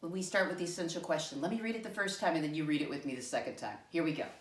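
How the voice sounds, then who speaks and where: A woman's voice: deep voice, lively intonation, rapid-fire. A woman teaching young children, asking patient, sing-song questions. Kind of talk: classroom lesson for young children. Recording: echoey room, mic far off.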